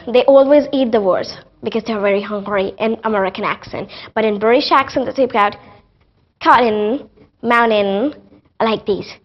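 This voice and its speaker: A teenage girl with an Indian accent explains pronunciation rules as a guest on a TV show, repeating each example word slowly before explaining it. Her voice sits somewhat high, and the broadcast audio is dull and lo-fi. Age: teens. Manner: demonstrates words by repeating them slowly, then rapid explanations. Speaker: guest student.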